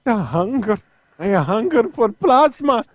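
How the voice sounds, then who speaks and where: A man doing a high whiny cartoon vampire, melodramatic, muffled call audio. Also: sing-song, measured pace, no room sound, heavily acted.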